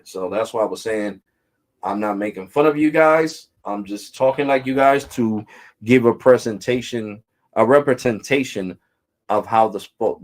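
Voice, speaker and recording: A man hosting a tech vlog, ranting casually and bluntly to viewers in slang. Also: fairly low pitch. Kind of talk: casual rant to camera.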